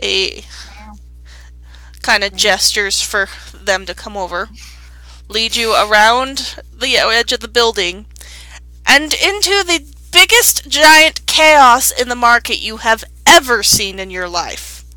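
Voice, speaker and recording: A young adult woman runs a tabletop game, her delivery slow, bright and slightly raised in pitch. She describes scenes in a playful, drawn-out way. The recording is dry and close. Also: expressive, dry recording. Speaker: game master.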